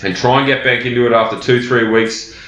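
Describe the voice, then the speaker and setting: A man's voice: mid-range voice, steady tone, brisk, fairly bright tone. Blunt man, roomy lo-fi podcast. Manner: blunt, conversational, many fillers. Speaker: personal trainer and podcast host. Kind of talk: solo podcast monologue. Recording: roomy, dull lo-fi sound.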